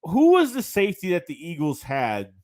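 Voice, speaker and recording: A man's voice: fairly high pitch, huge pitch swings, moderate pace, darkish tone. A man hosting a late-night sports livestream, ranting about his team and reading viewer chats aloud in a casual way. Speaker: livestream host.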